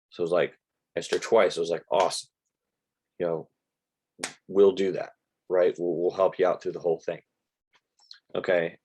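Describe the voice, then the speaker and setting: A man's voice: deep voice, darkish tone, highs cut off. An older American man teaching real estate investing in a casual live stream, telling stories and quoting conversations with sellers. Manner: chatty storyteller, quoting conversations, says "like" a lot.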